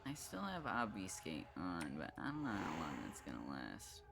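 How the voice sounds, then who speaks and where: A man's voice: low voice, huge pitch swings, normal speed, vocal fry, over music. A man streaming a video game live, thinking aloud and swearing often as he works through the level. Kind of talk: live gameplay commentary.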